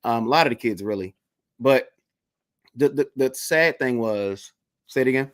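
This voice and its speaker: A man hosting a video-call interview, telling a story in a casual, animated way and acting out the people in it. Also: mid-range voice, moderate pace. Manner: animated, acts out the voices in his stories.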